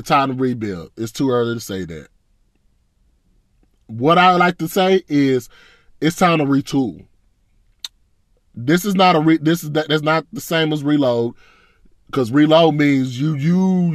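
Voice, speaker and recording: A man's voice: medium pitch, no room sound, clean studio sound. A man ranting as a fan, blunt and profane, in a casual, frustrated reaction. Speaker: sports fan commentator.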